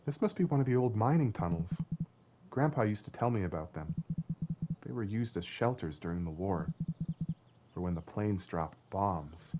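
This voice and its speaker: A man's voice: on the low side, expressive, normal speed, long pauses, background noise, close to an everyday voice. A man reading the lines of a curious young boy in a video game, wondering and politely puzzled.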